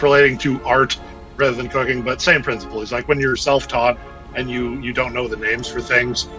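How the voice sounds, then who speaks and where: A man's voice: medium pitch, rough recording. A man chatting casually on a live stream, adding dry joking asides. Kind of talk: casual chat.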